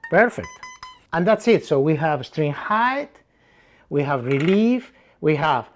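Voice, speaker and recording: A man talks through a guitar setup at his workbench, going step by step and repeating the key numbers. His voice is lively and animated, with plenty of rises and falls as he stresses each point. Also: fairly high pitch, slow pace. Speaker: guitar tech and channel host. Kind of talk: hands-on setup tutorial.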